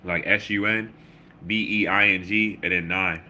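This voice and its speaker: Low, bright-voiced man. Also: fairly even intonation, moderate pace, a little hiss or hum. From Baltimore. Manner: loose, slangy, reads chat comments aloud with shout-outs. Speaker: livestream host. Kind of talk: casual livestream chat.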